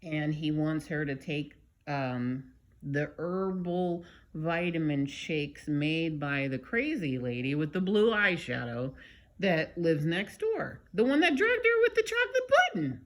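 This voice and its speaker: Woman vlogger, unhurried casual recap, chatty and wry. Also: low-pitched. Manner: animated, chatty, with many fillers and side comments.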